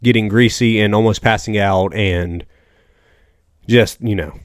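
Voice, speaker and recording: Young man, southern American, low-pitched, rambling joking podcast host, dry close mic. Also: a little slow, no room sound. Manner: rambling, joking storyteller with restarts and asides. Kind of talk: casual solo podcast chat.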